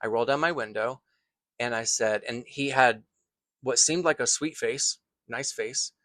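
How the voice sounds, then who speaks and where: A man who teaches acting tells a personal story in an earnest, thoughtful way, pausing and restarting phrases as he goes. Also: mid-range voice, a bit bright, no room sound.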